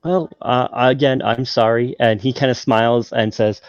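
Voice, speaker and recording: A man's voice: mid-range voice, steady tone, moderate pace, few pauses, clear, resonant tone, no echo, highs cut off, soft background music. A man narrating a tabletop game as game master, in a hesitant way with many fillers.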